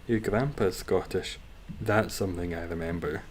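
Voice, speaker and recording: Sweary streamer, low voice. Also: male voice, normal speed, slight background noise. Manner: chatty, sweary, reacts to chat and gameplay. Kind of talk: casual live game stream, chatting with viewers.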